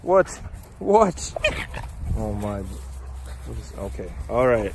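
A man vlogging in a casual, excitable way, chatting to his viewers and to his dogs, with the odd curse thrown in. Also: medium pitch, takes it slowly, long pauses, background noise. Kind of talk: casual vlog talk to camera.

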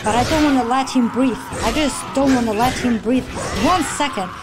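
A woman streamer reacting to a video game as she plays, excitable, gasping and yelling at the action. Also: high voice, moderate pace. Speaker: gaming streamer. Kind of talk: let's play reaction. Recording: loud game music behind.

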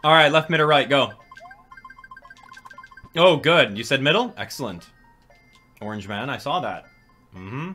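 A young man hosting a gaming channel, giving excitable, jokey live commentary and reading out and answering viewers' chat as he plays. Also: mid-range voice, measured pace, long pauses, faint music behind.

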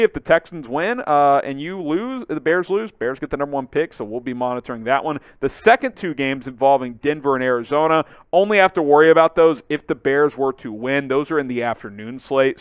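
Excitable man hosting a sports channel. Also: mid-range voice, no echo. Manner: animated, excitable, fillers. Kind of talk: casual sports commentary to camera.

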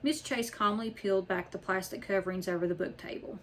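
A woman's voice: medium pitch, fairly even intonation, brisk, a little hiss or hum, rough recording. Woman narrating a children's storybook. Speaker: audiobook narrator.

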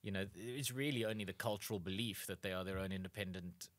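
A man's voice: sits low, steady tone, fast talker, no room sound. A South African man co-hosting a podcast, explaining at length with dry jokey asides and frequent restarts. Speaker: podcast co-host. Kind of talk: casual chat.

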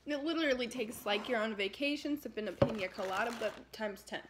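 Giggly high-voiced young woman vlogging. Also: fairly quick, very noisy. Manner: giggly, playful, eating while talking. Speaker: vlogger host. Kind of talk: casual mukbang chat.

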